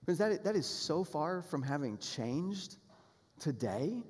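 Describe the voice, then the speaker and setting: A pastor preaching a sermon, earnest and emphatic, building toward appeals and repeating key phrases. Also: male voice, a little high, sing-song, slow pace. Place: church sanctuary. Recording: long hall reverb in a church sanctuary.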